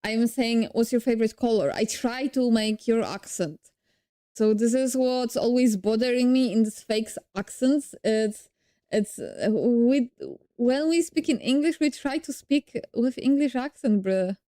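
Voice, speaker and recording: A woman's voice: a little high, unhurried, mellow. A young woman with a Polish accent, a streamer casually reacting and thinking aloud with frequent restarts.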